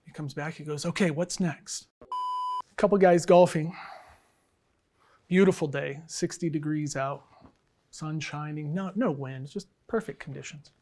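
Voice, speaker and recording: A middle-aged man with a somewhat high-pitched voice tells jokes in a casual, unbothered manner. He sounds like a professor chatting, dry and relaxed, with frequent fillers. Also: unhurried, pauses often. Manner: dry, easygoing, unbothered, with frequent ums and uhs. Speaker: English professor and department chair. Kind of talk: telling jokes to camera. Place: college setting.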